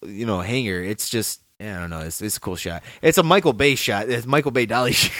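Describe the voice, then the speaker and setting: A man co-hosting a casual film podcast, enthusiastic and halting, full of "like" and "dude". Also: fairly low pitch, pushed and bright, no room sound, studio quality. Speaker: podcast co-host.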